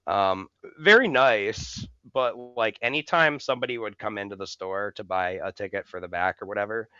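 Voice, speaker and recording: A man's voice: lowish voice, moderate pace, bright, forceful tone, smooth, lo-fi sound. A young man telling a long story in casual podcast chat, swearing freely and laughing as he goes. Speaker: podcast co-host.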